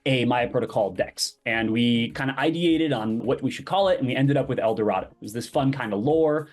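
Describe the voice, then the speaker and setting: A man's voice: mid-range voice, brisk, faint music behind. A man, a podcast guest, telling a story in casual conversation and acting out the dialogue he quotes. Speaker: podcast guest, crypto project founder.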